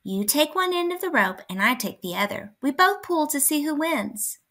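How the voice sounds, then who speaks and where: A woman doing a squeaky little mouse. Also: sing-song, moderate pace, pushed and bright, heavily acted. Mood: eager. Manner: high squeaky voice. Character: small brave squeaky female mouse.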